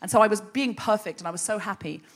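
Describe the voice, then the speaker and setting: A woman comedian spins a personal story for a live audience into a stage microphone. Her delivery is wry and lively, and it builds toward real passion. She sits at an everyday middle pitch. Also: fast. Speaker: comedian and podcast host.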